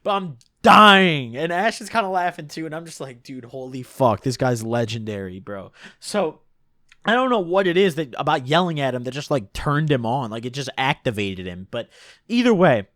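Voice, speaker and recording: Lively young man telling a rambling story. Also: fairly high pitch, moderate pace, no echo, studio quality. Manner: animated, rambling, heavy use of "like" and "dude". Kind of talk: casual storytelling.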